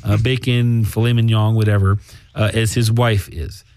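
A man's voice: fairly low pitch, level tone, moderate pace, a little mellow, clear, resonant tone, no room sound. A man co-hosting a casual podcast, joking and swearing in loose banter. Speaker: podcast co-host. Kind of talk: casual chat.

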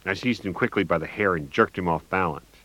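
A man narrating a first-person story as an audiobook, wry in tone and breaking into manic, loud dialogue. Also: low-pitched, a little fast, no room sound, poor audio.

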